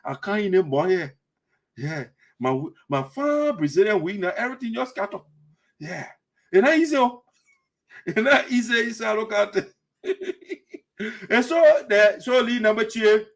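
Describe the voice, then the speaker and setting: A man giving rambling, animated commentary on community news, laughing often as he talks. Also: mid-range voice. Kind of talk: casual commentary.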